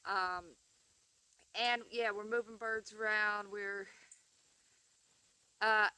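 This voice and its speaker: Chatty bright-voiced woman outdoors. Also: mid-range voice, steady tone, drawn-out words, clear, resonant tone, recorded from a distance. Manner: chatty, rambling with fillers and restarts. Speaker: backyard chicken keeper vlogger. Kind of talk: casual chat to camera. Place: outdoors by a chicken coop.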